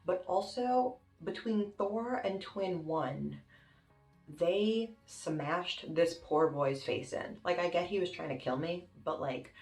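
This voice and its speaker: A young woman with a lowish voice retells a dramatic story in a lively, animated way, swearing freely. Her voice rings around an echoey room with faint music underneath. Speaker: YouTuber. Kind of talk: casual storytime.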